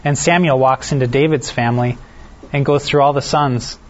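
Relaxed man teaching scripture, lo-fi. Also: mid-range voice, moderate pace, slight background noise. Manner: reads scripture aloud, then explains it in a relaxed, self-deprecating way; asks the listeners questions. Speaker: Bible study teacher. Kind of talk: conversational Bible teaching. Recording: dull lo-fi recording.

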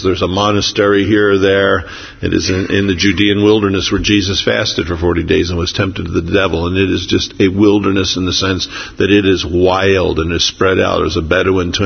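Pastor guy preaching, low husky voice, slow w lots of uhs, muffled churchy echo. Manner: unhurried, pausing with fillers, reads scripture slowly. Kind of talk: sermon.

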